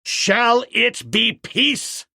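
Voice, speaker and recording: A man voicing a proud, commanding jungle hero who declaims his challenges slowly in an audiobook. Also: very high voice, big pitch swings, vocal fry, sharp tone, no room sound, clean studio sound, pitched above the performer's own voice, full character voice. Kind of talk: audiobook narration.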